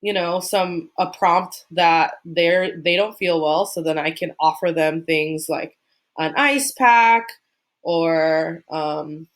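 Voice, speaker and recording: Slow, easygoing woman teacher. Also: fairly low pitch. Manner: relaxed, unhurried, many "um" and "like" fillers. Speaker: special education teacher. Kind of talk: casual instructional talk.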